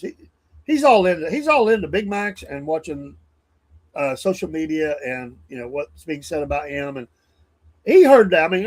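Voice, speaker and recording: Male host, fairly high voice, rambling casual political commentary, chuckles often.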